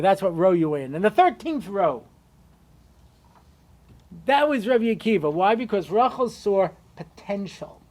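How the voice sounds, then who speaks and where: A man who is a rabbi, giving a humorous lecture and telling stories with acted-out dialogue. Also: high-pitched. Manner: animated joking storyteller who acts out dialogue.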